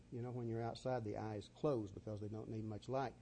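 A man's voice: on the low side, level tone, fairly quick, creaky, mellow, slight background noise. A man preaching a sermon, folksy and full of stories. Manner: storytelling, folksy.

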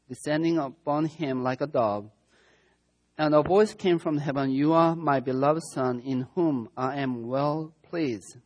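A man with as a preaching a conversational, verse-by-verse sermon, asking his listeners rhetorical questions and often correcting himself mid-sentence. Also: a little high. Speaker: pastor. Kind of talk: sermon, verse-by-verse Bible teaching.

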